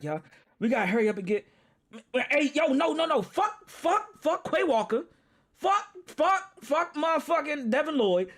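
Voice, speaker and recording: A man hosts a live football reaction stream. His voice sits very high and sounds bright and forceful. He rants, swears and cracks up as he talks straight to his viewers. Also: moderate pace. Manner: excitable, profane, laughing and ranting to viewers.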